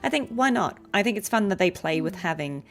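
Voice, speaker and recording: A woman's voice: mid-range voice, animated, a little fast. A British woman, a voice actor chatting casually on a game livestream, laughing often and with many fillers. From Britain. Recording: game music behind.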